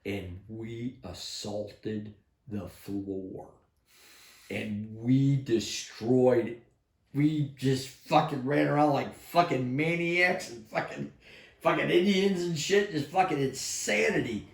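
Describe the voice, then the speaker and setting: An older man, a retired army sergeant major, telling war stories in a casual, heavily profane way and acting out shouted lines. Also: medium pitch, takes it slowly, gravelly. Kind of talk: casual storytelling with heavy swearing. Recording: echoey room.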